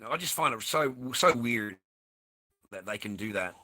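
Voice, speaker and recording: A man's voice: fairly low pitch, expressive, moderate pace, pushed and bright. Sweary, sarcastic man ranting. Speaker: online streamer. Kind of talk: ranting commentary on news clips.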